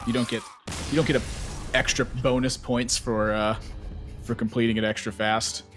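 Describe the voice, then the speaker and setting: A man casting a card game tournament live, chatty and prone to sudden high exclamations. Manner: excitable, jumps into high exclamations. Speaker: esports caster.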